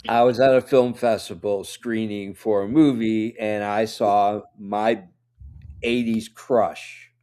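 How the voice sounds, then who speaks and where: A man co-hosting a casual chat, telling an animated story and laughing when he gets nervous. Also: lowish voice, slow pace.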